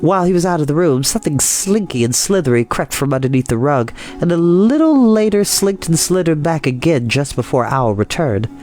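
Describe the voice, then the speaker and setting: A man reading a children's book aloud, in a lively way with chatty asides. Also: a little high, fairly quick, few pauses. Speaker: storyteller.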